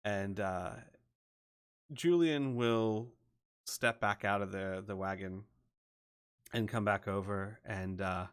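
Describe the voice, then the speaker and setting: Guy game master narrating a tabletop session, lowish voice, easygoing with lots of uhs. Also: takes it slowly, long pauses, clean tone. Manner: relaxed narration with filler words.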